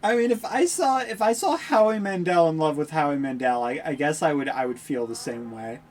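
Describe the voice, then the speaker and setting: A woman's voice: low voice, animated, a little fast, darkish tone. A woman streaming a video game, making wry, sarcastic asides as she plays. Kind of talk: casual game commentary.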